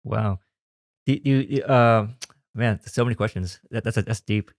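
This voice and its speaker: A man's voice: on the low side, unhurried, dry recording, clean studio sound. A man hosting a podcast, asking curious questions with lots of hesitations. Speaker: podcast host. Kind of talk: interview questions.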